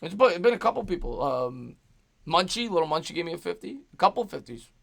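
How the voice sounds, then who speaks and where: Man, high voice, hoarse, upbeat stream host, calls plays, thanks chat donors. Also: lively intonation, fast. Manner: upbeat, reads out super chats and calls plays. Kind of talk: live play-by-play stream with chat shout-outs.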